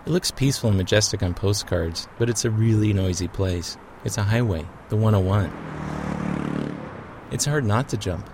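A man narrating a personal documentary story in a quiet, somber, reflective way. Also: lowish voice, normal speed, noisy background.

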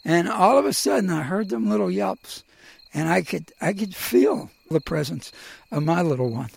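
A middle-aged man telling his own personal story in a halting, emotional way, with many pauses and fillers. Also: fairly high pitch, sing-song, gravelly, husky.

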